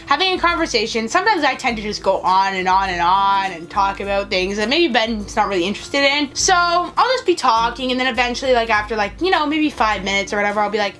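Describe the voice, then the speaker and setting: A woman's voice: fairly high pitch, animated, quick pace, hardly any pauses, fairly bright tone, faint music behind. A woman hosting her own channel, chatting casually and telling stories while answering viewer questions. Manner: chatty, storytelling, frequent "like" fillers. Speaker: vlogger host.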